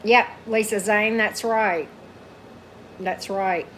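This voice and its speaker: A tarot reader chats live with viewers from her home table, speaking slowly in a steady, fairly bright tone that's turning hoarse from long talking. She reads comments aloud, thanks people, and coaxes her dog in a high voice. Faint room noise is audible.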